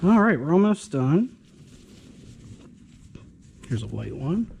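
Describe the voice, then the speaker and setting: A man's voice: on the high side, very animated, takes it slowly, vocal fry, a little mellow, slight background noise. A man casually commenting as he sorts through a storage locker's contents, with offhand, dryly sarcastic remarks and a touch of hiccups. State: has the hiccups. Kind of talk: casual commentary while sorting items.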